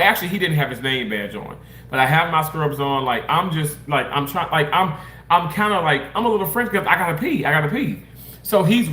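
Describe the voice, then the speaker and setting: Man, casual storytime rant, repeats himself, bright higher voice, roomy echo. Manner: animated, rambling, repeats and restarts, talks to viewers as y'all. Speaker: surgical staff member.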